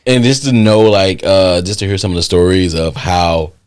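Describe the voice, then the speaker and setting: A man hosting a podcast in casual chat, animated and swearing freely. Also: normal speed, clear, resonant tone, no echo, clean studio sound. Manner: animated, acts out reactions in a loud high voice. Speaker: podcast host.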